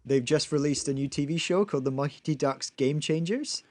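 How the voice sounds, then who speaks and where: A man co-hosting a podcast in casual chat, chatty and quick to laugh, sometimes repeating words as he restarts a sentence. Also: a little high, darkish tone. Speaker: podcast co-host.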